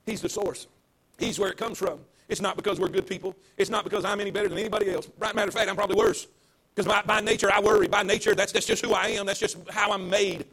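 A man's voice: sits high, steady tone, fast talker, fairly bright tone, slightly rough. A man preaching an emphatic, repetitive sermon to people at home. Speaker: pastor.

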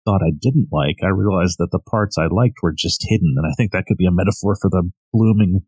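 Deep husky man, laid-back. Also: fairly quick, a little mellow, no echo. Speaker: podcast co-host. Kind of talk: casual manga review chat.

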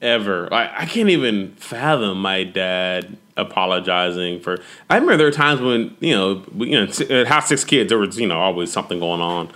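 Man, slightly low pitch, halting and reflective, casual co-host. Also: expressive, sharp tone. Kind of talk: casual conversation.

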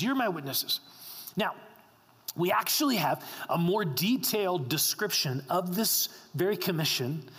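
A man preaches with a notably high voice, driving points home by repeating them. His words ring out with a long reverb, as in a church sanctuary. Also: a bit bright, husky. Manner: emphatic, repeats key lines for stress. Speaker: pastor. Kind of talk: sermon.

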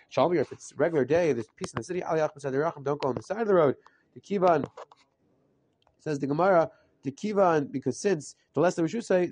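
A man giving a rapid Talmud lesson, reading through Aramaic text in a quick chant and translating it as he goes. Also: a little high, darkish tone, dry recording. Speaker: Talmud teacher. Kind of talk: rapid daf yomi lesson.

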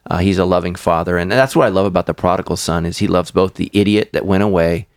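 A man with a very deep voice hosting a podcast as a pastor, eager and affirming as he explains passages to his guest. The recording is dry and close. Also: quick pace, no room sound. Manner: enthusiastic, affirming, teaching aside. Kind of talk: casual interview conversation.

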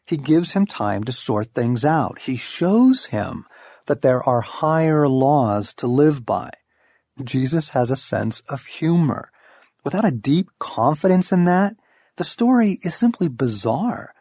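Husky middle-aged man, wry lively storytelling. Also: fairly high pitch, slow, dry recording. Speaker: audiobook narrator. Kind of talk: scripted devotional narration.

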